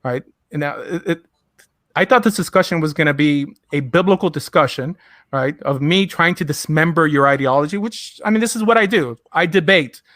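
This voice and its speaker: A man acting as rabbi in a debate, speaking in a measured, deliberate way. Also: a little high, fairly bright tone, dry recording, clean studio sound.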